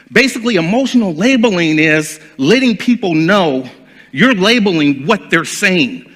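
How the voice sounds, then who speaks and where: A man giving a seminar talk as a speaker and trainer, animated and acting out dialogues. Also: high voice, normal speed, long reverb tail.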